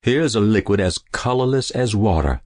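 A man voicing a calm, sly old potion seller who talks politely and indifferently. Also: lowish voice, normal speed, no room sound, studio quality, natural voice. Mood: suave, indifferent.

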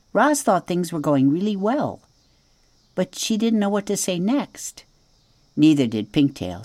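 A woman narrating a children's audiobook in an expressive storytelling manner, dropping soft at asides. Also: deep voice, no room sound. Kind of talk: scripted narration.

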